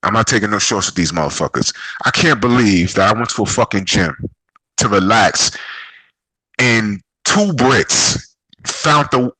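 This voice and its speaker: A man's voice: medium pitch, sharp tone, slightly rough, no room sound, low-quality recording. A man giving an angry, profane, heated vlog rant. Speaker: boxing vlogger.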